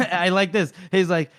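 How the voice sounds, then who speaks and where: A man's voice: sits high, fairly bright tone, no echo, clean studio sound. A man co-hosting a podcast, casually recapping a book with laughter and quoted lines. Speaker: podcast co-host.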